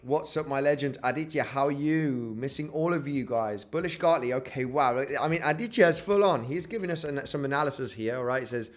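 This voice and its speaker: A man's voice: medium pitch, fairly quick, few pauses. A man hosting a casual crypto trading livestream, upbeat and hyped, greeting chat viewers and filling with "you know" and "guys". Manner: upbeat, hypes the chart, greets chat viewers by name, says "guys" a lot; filler-heavy, many "you know" and restarts.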